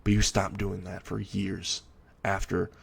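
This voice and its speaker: A man's voice: deep voice, monotone, measured pace, gravelly, breathy edge, exaggerated voice. A man voicing an enraged, bitter teenage boy who swears and seethes at those who wronged him. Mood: furious. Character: furious bullied teenage boy hero.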